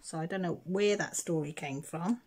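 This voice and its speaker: A middle-aged woman talking casually over her crafting, her voice sitting a little low. She tells her story in a chatty way, putting on the voices of the people in it. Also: moderate pace, darkish tone, a little hiss or hum. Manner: chatty storyteller, acts out others' voices in quotes. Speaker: craft vlogger. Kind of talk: casual chat while crafting.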